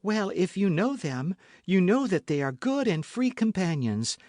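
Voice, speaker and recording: Male narrator's young woman novice: high, pleading, timid, dry close audiobook sound. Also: very animated, a little slow, a little mellow, no echo.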